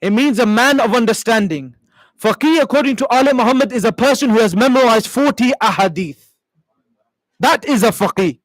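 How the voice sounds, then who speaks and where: A man's voice: extremely high pitch, a little fast, no echo, rough recording. A male preacher impassioned in telling a sacred story during a sermon.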